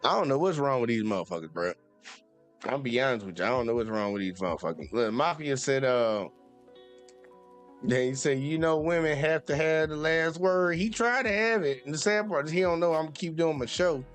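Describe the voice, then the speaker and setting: A man hosting a sports channel delivers a heated, profane live-stream rant in a medium-pitched, expressive voice at a brisk pace. He sounds exasperated and keeps repeating himself, with faint music playing behind him.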